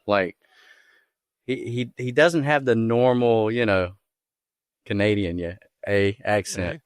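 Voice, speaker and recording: A man's voice: lowish voice, slow, long pauses, clean tone, dry recording, clean studio sound. A man co-hosting a podcast who asks questions in an upbeat, encouraging way. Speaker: podcast co-host. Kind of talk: casual podcast interview.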